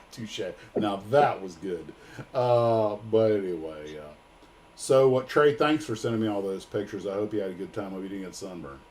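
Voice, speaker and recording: Casting note: a lower-voiced American man hosting a livestream, joking and loose. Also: moderate pace, darkish tone, a little hiss or hum. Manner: joking, rambling with fillers. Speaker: livestream host. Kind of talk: casual livestream chat.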